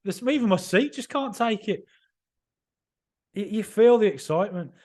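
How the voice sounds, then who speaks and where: A man hosting a football podcast, giving an excited, emphatic and rambling reaction right after a match. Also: sits high, normal speed. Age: 30s or older.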